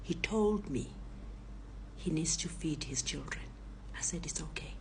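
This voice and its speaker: Woman telling her story in a low, whispery voice. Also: expressive, unhurried. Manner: dramatic retelling, acts out the voices, often whispery. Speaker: storyteller recounting a personal ordeal. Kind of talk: emotional personal testimony.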